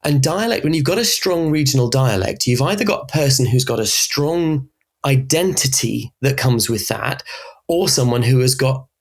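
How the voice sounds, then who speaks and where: Expressive Berkshire-accented man explaining. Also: mid-range voice, moderate pace, creaky, slightly rough. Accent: Southern English, Berkshire. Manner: expressive, animated explainer who often laughs. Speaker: voice coach guest. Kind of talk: conversational podcast interview.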